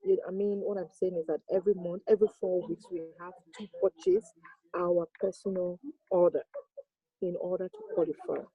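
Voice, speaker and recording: Low, husky, mellow-voiced woman. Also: lively intonation, no echo, phone-quality sound. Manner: earnest, humble, a little halting. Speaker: team member on a call. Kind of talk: casual talk on a video call.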